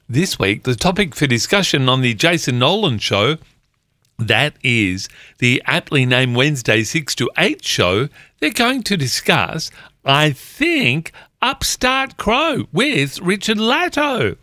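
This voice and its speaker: A man's voice: medium pitch, big pitch swings, slow pace, bright, forceful tone, no echo, studio quality. A man hosting a community radio show, playfully reading listeners' jokes and messages. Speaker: radio host. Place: radio studio.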